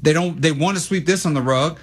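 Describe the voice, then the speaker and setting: A young man co-hosting sports radio, talking in a rambling, animated way with many fillers and restarts. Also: fairly high pitch, a little fast, slightly rough. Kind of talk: casual sports talk.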